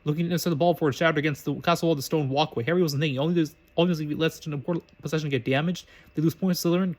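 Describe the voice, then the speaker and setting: Male amateur reader, quick, stumbling and self-correcting narration. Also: a little high. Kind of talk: reading fan fiction aloud.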